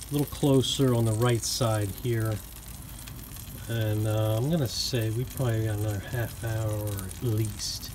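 A man's voice: medium pitch, poor audio. A man hosting a home cooking video, talking casually outdoors and explaining each step in an easygoing, chatty way. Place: outdoors by a backyard smoker. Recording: outdoor recording with noticeable background noise.

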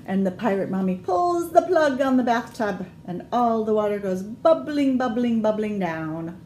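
A woman working as a children's librarian, reading a picture book aloud at storytime in a gentle, expressive, animated way. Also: medium pitch, moderate pace, roomy sound, a little hiss or hum.

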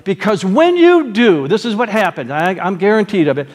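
Male pastor preaching, kinda high voice, big echoey church, gets loud then goes soft and prayerful. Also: very animated, normal speed. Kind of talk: sermon. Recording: long reverb of a large hall.

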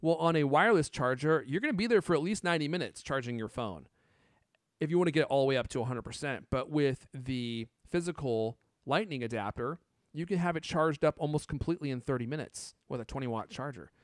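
A man's voice: medium pitch, lively intonation, fast talker, dry recording. Guy in his 30s, chatty tech podcast cohost, laughs a lot, dry close mic. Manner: chatty, joking, laughs often. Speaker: podcast co-host. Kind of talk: casual tech chat.

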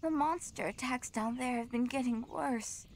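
A woman's voice: high voice, normal speed, darkish tone, slight background noise. A woman voicing a villager in a video game, speaking in an earnest, worried, pleading way.

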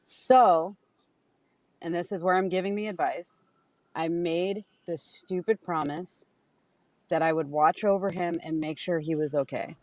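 A woman speaks earnestly and bluntly about caring for her husband, swearing now and then. Her voice sits low, and the sound is dry and close, with no room echo. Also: steady tone, measured pace, a little mellow. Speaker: caregiver guest. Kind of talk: casual livestream conversation.

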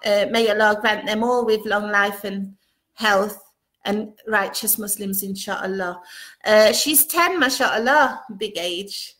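A woman's voice: mid-range voice, slow pace, a bit bright. A woman hosting a casual live stream, reading viewer comments aloud and adding Arabic blessings between them.

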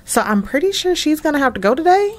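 A woman's voice: high-pitched, sing-song, fast. A young woman giving chatty, slangy commentary while playing a life-sim game. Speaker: gaming video creator. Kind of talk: casual gameplay commentary.

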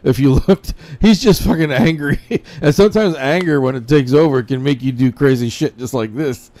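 A man from India giving casual, profane reaction commentary, laughing often and clearly amused. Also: medium pitch, moderate pace, a little mellow. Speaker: commentator reacting to a street video.

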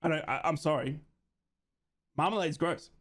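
Aussie guy, fan streamer, lively, chatty, fairly high voice. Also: normal speed. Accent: Australian. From Australia. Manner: chatty, excitable, laughs often. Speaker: football fan streamer hosting a watch-along. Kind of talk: excitable live fan commentary.

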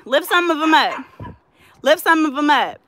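A woman's voice: sits high, expressive, moderate pace, fairly bright tone, a little hiss or hum. Chatty teasing woman vlogger. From California Bay Area. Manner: chatty, teasing slang, laughs often. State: out of breath. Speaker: hair braider and vlogger. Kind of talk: casual chat to camera.

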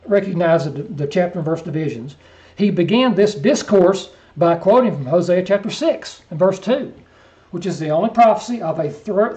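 A man teaching a verse-by-verse Bible lesson, reading scripture slowly and deliberately, then dropping into quiet, offhand asides. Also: fairly high pitch. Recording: muffled lo-fi recording.

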